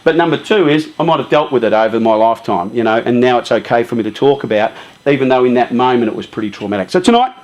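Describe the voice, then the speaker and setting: A man giving a casual, lively talk to a youth group, often saying "you know" and "um". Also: medium pitch, quick pace.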